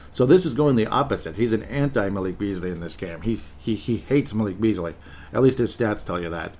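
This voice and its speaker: A man's voice: fairly low pitch, a little mellow, a little hiss or hum. A man hosting a casual solo sports talk show, rambling and joking, correcting himself with short laughs. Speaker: sports podcast host.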